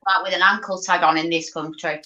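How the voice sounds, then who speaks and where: A woman's voice: on the low side, fairly even intonation, a little fast, a crowd in the background. A woman in a casual group chat, explaining matter-of-factly. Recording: dull, muffled audio.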